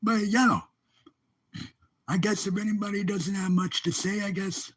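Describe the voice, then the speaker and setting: Brief: man hosting a loose live stream, high-pitched, raspy, repeats himself cheerfully. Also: steady tone, normal speed. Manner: rambling, repetitive, upbeat filler exclamations. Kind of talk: casual livestream chat.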